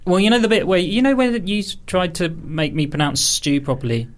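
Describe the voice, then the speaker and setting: A man's voice: high voice, fairly quick. A man co-hosting a podcast, chatting in an eager, pushy and playful way. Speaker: podcast co-host. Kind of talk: casual chat.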